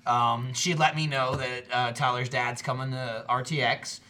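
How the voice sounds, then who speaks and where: Bright-voiced blunt male podcast host. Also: medium pitch, steady tone, normal speed. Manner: blunt, swears freely. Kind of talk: casual chat.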